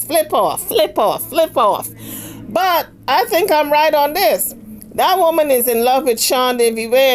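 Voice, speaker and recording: A woman hosting casual gossip commentary in a sassy, chatty way, often tossing in little "okay?" asides. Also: fairly high pitch.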